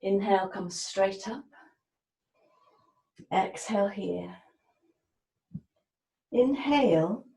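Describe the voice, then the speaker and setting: A woman yoga teacher talks a class through breath and movement in a slow, soft cadence. Her voice is mellow and dark, and it rings in an echoey room. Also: mid-range voice, gravelly. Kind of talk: guided yoga class instruction.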